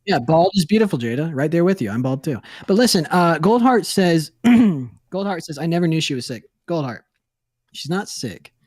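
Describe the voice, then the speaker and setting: A man's voice: on the high side, expressive, brisk, darkish tone, no room sound, clean studio sound. A man co-hosting a casual podcast, cracking jokes and swearing freely. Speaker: podcast co-host.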